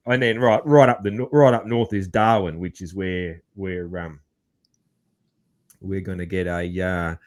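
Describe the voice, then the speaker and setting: An Australian man hosting a podcast, talking in a relaxed, rambling way with lots of fillers and calling his guest man. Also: low voice, measured pace. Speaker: podcast host. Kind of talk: casual interview chat.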